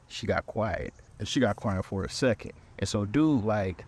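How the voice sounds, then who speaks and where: A man hosting a podcast, telling a comic dating story in animated, slangy speech. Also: fairly low pitch, moderate pace, few pauses, slightly rough. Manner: animated, slangy, quotes people with voices. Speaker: podcast host. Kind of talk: comedic storytelling.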